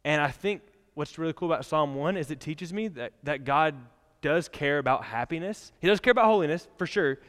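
A man's voice: on the high side, lively intonation, brisk, fairly bright tone. A young man preaching a casual, conversational sermon in a church, chatty and laughing often, with many fillers. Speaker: pastor. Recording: long church hall reverb.

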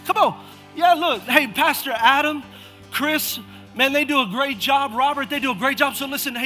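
Pastor, male, very high bright voice, fired-up sermon delivery that names people in the pews, soft music underneath. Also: moderate pace. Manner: energetic, calls out churchgoers by name, repeats "come on". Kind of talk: lively sermon to a congregation. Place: church auditorium.

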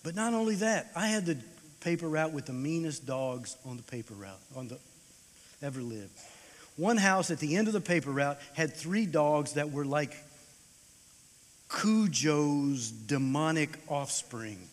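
A man in his sixties gives an animated storytelling sermon in a chapel, swinging between loud bursts and hushed tones. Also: a little high, unhurried. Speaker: chapel speaker. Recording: long hall reverb.

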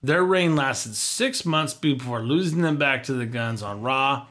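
A man's voice: mid-range voice, lively intonation, unhurried, a bit bright. A man hosting a casual chat show, reading prepared notes and dropping wry quips. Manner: wry, reads facts with quips. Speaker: podcast host.

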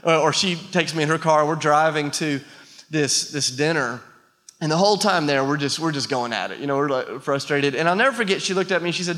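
Bright-voiced man preaching in a reverberant hall. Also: on the high side, brisk. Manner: storytelling, self-deprecating, rising to passionate appeals. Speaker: pastor. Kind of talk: sermon.

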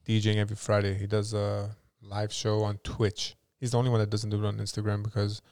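A man co-hosting a podcast rambles through a story in loose, casual chat, full of fillers and restarts. His voice is smooth and resonant at a middle pitch. The recording is dry and close. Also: completely flat delivery, fast talker, darkish tone, dry recording. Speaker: podcast co-host.

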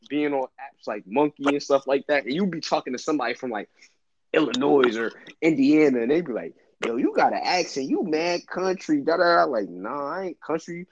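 A man hosting a podcast, chatting casually in animated banter with lots of slang. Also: mid-range voice, muffled recording. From New York. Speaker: podcast host. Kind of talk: casual chat.

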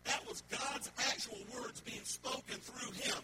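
A man's voice: very high-pitched, steady tone, measured pace, hardly any pauses. A man preaching a sermon as pastor in a church sanctuary, emphatic and repetitive, with jokes at his own expense. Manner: emphatic, repetitive, self-joking. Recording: loud background noise.

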